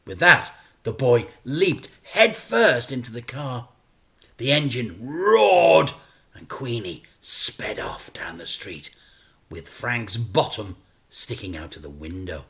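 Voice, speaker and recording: Expressive man reading a children's story. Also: medium pitch, slow, vocal fry. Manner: expressive, playful.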